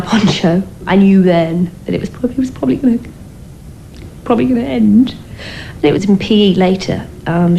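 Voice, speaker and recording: An actress playing a dotty asylum patient who confides in a rambling, hesitant monologue. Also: female voice, mid-range voice, a little mellow, slight background noise, natural voice, low-quality recording.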